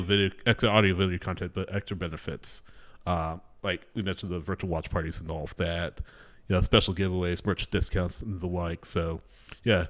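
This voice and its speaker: A man's voice: low voice, fairly bright tone. A man from Buffalo, New York, hosting a podcast in an upbeat, casual way and laughing often. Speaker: podcast host.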